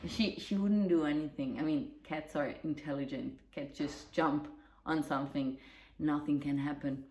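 A woman's voice: low voice, normal speed, a little mellow. A woman vlogger chatting casually and rambling, swearing now and then. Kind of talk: casual vlog chat. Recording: roomy echo.

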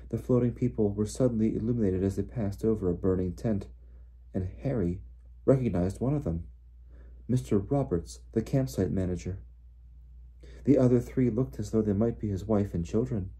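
A man reading a novel aloud in steady storybook narration. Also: lowish voice, breathy edge. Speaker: audiobook reader.

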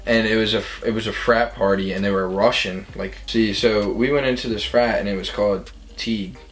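Young man, low voice, loose rambling storyteller who acts out the quotes. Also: fairly even intonation, fairly quick, faint music behind, low-quality recording. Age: young adult. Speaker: storytelling guest. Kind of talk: casual party stories.

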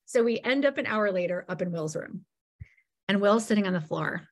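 A woman as a podcast guest, telling a personal story in a casual, animated way and acting out bits of dialogue. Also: medium pitch, moderate pace. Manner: animated storyteller who acts out quoted dialogue and leans on "like".

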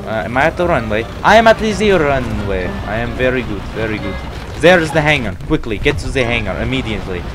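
A man's voice: mid-range voice, sing-song, fairly quick, over music, pitched below the performer's own voice, natural voice. A man voicing a boastful male tank driver in an exaggerated put-on accent, with stiff, formal phrasing, during a gameplay video. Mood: proud.

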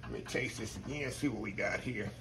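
A man's voice: on the low side, brisk, background noise. A man, chatting casually as he cooks at home and calls his viewers "y'all". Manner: folksy, talks to viewers as y'all. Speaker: home cook. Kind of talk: casual cooking video chat.

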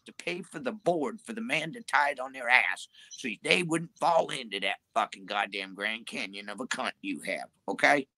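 A woman's voice: very deep voice, normal speed, few pauses, bright, forceful tone, no room sound. An older woman talking bluntly and profanely in a rambling interview. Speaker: interviewee in a played clip. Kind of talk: crude street interview talk.

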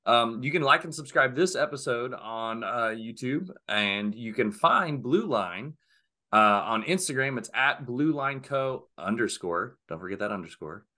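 A man hosting a podcast in an upbeat, easygoing way, laughing often. His voice is bright and lively, rising and falling a lot as he talks, while his pitch stays mid-range. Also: measured pace. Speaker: podcast host. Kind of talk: casual podcast chat.

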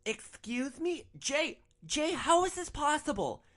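A man doing a spoiled young woman in a sharply raised, squeaky register, far above his own voice. She whines and protests in shrill, entitled indignation. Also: sing-song, takes it slowly, a bit bright, heavily acted. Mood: shrill outrage. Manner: shrill, outraged whining.

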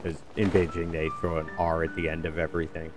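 A man's voice: extremely low pitch, completely flat delivery, fast talker, over music. A man giving rambling, self-correcting commentary over a game, often losing track of where things are. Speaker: game video host. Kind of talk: gameplay commentary.

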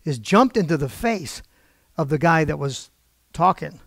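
A man's voice: on the high side, animated, unhurried, creaky, dry recording, clean studio sound. An older man preaching in a storytelling style, acting out quoted voices with wry asides.

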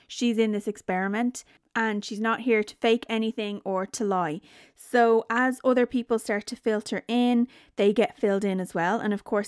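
A woman's voice: medium pitch, a little mellow, no echo, clean studio sound. A woman reviewing a reality TV show in a casual, sarcastic rant, swearing freely. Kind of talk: casual spoken recap.

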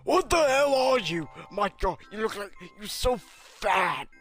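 A game player does a comedic let's-play parody, voicing an arrogant, hot-tempered alien prince warrior who is brash, insulting and yelps in panic. His voice sits high with big pitch swings, unhurried and a bit bright, in a full character voice over soft background music.

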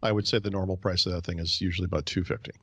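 Low-voiced man talking tech casually. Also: level tone, racing, slightly rough, dry recording. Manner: chatty, thinks aloud, many restarts. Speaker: podcast host.

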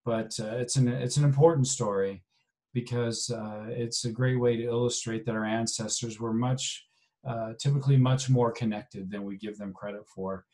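A man giving a recorded genealogy lecture, talking conversationally in a halting way with many fillers and restarts. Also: medium pitch, steady tone, dark tone. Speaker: genealogy instructor.

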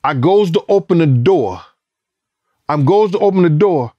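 A middle-aged former bodyguard, his voice a touch high for a man, describes a night in a casual interview at a moderate pace. He's animated and foul-mouthed, mimicking other people and the sound of gunshots. The audio is dull but dry and close, with no room echo.

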